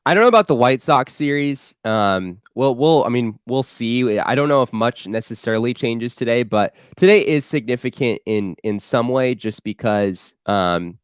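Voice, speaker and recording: A man's voice: medium pitch, lively intonation, moderate pace, hardly any pauses, clean tone, no echo, clean studio sound. A man co-hosting a casual sports podcast, stuffy and worn out from being sick, talking in an easygoing, dryly joking way. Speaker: podcast co-host.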